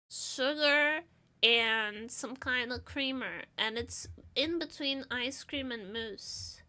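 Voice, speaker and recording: A woman's voice: a little high, slow pace, pushed and bright. A Portuguese woman with a Portuguese accent chatting casually on a stream, playful and rambling, stressed and tired. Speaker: vtuber streamer.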